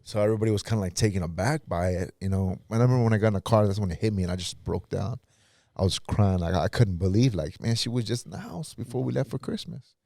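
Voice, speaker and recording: A man's voice: fairly low pitch, quick pace, creaky, warm tone, dry recording, studio quality. A pastor guest in a podcast interview, telling his own story in a casual, earnest way and acting out what others said.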